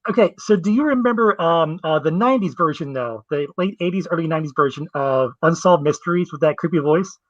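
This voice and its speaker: A Southern US man rambling in a casual chat and repeating his words. His voice sits a bit high. The audio is dry and muffled. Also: expressive, fairly quick, few pauses, no echo.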